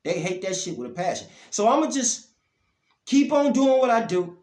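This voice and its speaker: A man, ranting bluntly about dog breeding, his voice swinging from low grumbles to loud outbursts. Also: sing-song, moderate pace, echoey room. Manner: blunt, profane, heated, pitch and loudness swinging up and down. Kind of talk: ranting monologue to camera.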